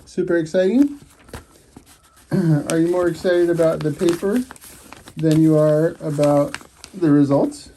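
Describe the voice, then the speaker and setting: A backyard animal keeper chatting casually to pet emus outdoors, often slipping into high baby talk. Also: slow, pauses often, warm tone. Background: faint outdoor ambience and bird sounds.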